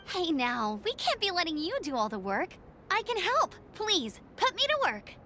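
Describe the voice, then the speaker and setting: A woman's voice: extremely high pitch, big pitch swings, moderate pace, pushed and bright, slight background noise, full character voice. A bubbly young woman scout. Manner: eager, bubbly. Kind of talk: game voice acting.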